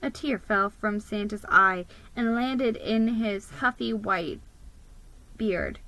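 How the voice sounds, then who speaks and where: A woman reading a children's book aloud in an animated, expressive way. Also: medium pitch, slow pace, creaky, low-quality recording. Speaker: reader.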